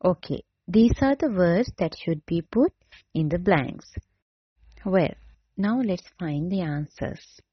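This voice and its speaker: Woman teacher, very slow dictation, husky voice, dull lo-fi sound, dry. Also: on the low side, expressive, no room sound. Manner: slow, deliberate, repeats each word and spells it out. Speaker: English teacher. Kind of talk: dictation lesson, spelling words letter by letter.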